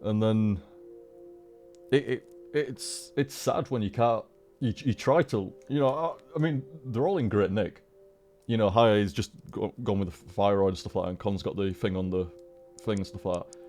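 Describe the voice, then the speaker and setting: A man chatting casually on a live stream, rambling with halting restarts and frequent swearing. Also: lowish voice, a little mellow, faint music behind.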